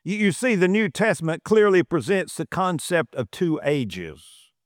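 A man's voice: sits high, very animated, a little slow, no echo, clean studio sound. A man preaching a sermon, emphatic and repeating phrases for stress. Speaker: pastor.

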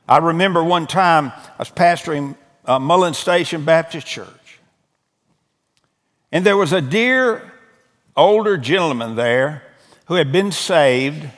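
In a church sanctuary, a man delivers a pleading altar-call sermon as pastor, restarting phrases and repeating words earnestly. His voice sits high and sounds a bit bright, carried by the long reverb of the church hall.

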